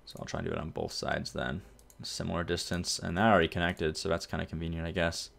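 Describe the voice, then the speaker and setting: In a low-pitched voice with vocal fry and a quick pace, a gameplay host comments loosely on the city-builder he's playing. He rambles in a relaxed way and amends his remarks as he goes.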